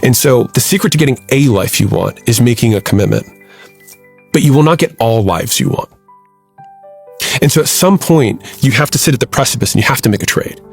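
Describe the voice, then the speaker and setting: A man talking reflectively on a podcast, thinking aloud in a measured way with some repetition. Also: medium pitch, animated, creaky, husky, faint music behind. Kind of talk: reflective conversational talk.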